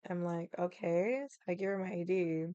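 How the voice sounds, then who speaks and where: A woman streams from her room and tells a long story to her chat. She swears freely and leans on fillers as she talks, in a smooth, clear voice. The sound is close and dry, with no room around it. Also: fairly low pitch, flat delivery, fast talker, mellow, dry recording, dull audio. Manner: chatty, swears a lot, many fillers. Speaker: livestream host. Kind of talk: casual storytelling to a live chat. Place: home room.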